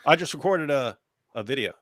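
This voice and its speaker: A man's voice: mid-range voice, lively intonation, a little fast, a bit bright, no room sound, clean studio sound. A man co-hosting a casual livestream chat who laughs often and jokes around. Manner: laughs often, quotes clips in a raised voice. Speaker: co-host.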